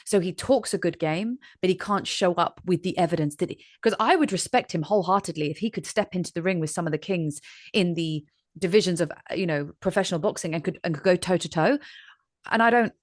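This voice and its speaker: A woman's voice: lowish voice, brisk, dry recording, studio quality. A woman from Ireland hosting an interview, talking animatedly and acting out voices as she tells a story. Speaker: host. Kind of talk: conversational interview.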